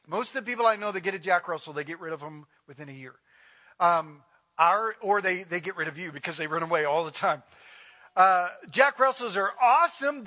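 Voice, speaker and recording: A middle-aged man, a pastor, telling a lively story in a casual sermon, with laughs and asides. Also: high voice.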